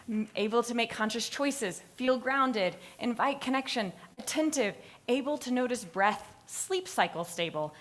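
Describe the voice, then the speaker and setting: A young adult woman giving a live capstone presentation, telling a story with lively, acted-out voices. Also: medium pitch. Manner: expressive storytelling, acts out voices in anecdotes. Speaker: graduate student presenter. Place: presentation hall.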